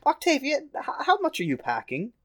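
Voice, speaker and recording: A man's voice: extremely high pitch, wildly swooping pitch, brisk. A man playing a tabletop game, eager and stammering as he talks in character. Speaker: player.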